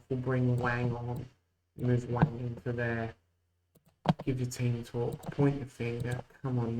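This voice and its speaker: A man hosts a let's-play video, delivering casual game commentary that mixes mock play-by-play calls with muttered asides. His voice sits in the mid-range, and the background is noisy.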